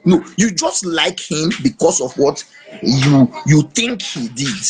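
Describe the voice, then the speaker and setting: A man with a Nigerian accent in casual political chat, emphatic and animated, slipping into Pidgin. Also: a little high, unhurried, husky. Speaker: podcast host.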